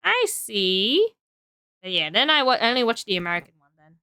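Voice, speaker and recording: A woman's voice: on the high side, big pitch swings, a little fast, sharp tone, clear, resonant tone, no echo, clean studio sound. A woman streaming, chatting casually and giggling as she builds and talks to her viewers, tired and trailing off into self-talk. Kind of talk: casual live-stream chat while building.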